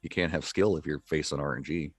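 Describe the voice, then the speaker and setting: A man with a low voice co-hosting a gaming stream and backing up the host with brief replies. The sound is dry and close. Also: fairly even intonation, quick pace, dry recording. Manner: short agreeing replies. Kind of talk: casual gaming chat.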